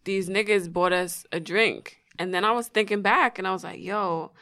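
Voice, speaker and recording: A young woman from New York telling stories in casual chat, animated and profane. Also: medium pitch, moderate pace.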